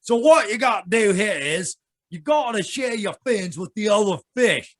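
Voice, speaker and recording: Dad doing a gruff bossy octopus from a kids book, kinda high and loud. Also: male voice, animated, normal speed. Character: bossy male octopus from a kids' storybook.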